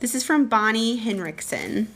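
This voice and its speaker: A woman librarian chatting casually as she unboxes packages on a live stream, reading notes aloud with excited bursts. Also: on the high side, normal speed. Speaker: school librarian.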